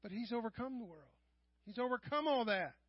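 A middle-aged man preaching a sermon in church, swinging from quiet asides to loud raised passages. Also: extremely high pitch, animated, fairly quick, no echo. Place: church sanctuary. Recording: dull, lo-fi church live stream.

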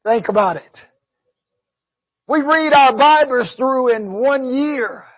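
A man preaching with a strikingly high, husky voice, punctuating the sermon with "amen" and breaking into shouts. The recording is dry and dull, with a muffled lo-fi sound. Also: slow, dry recording.

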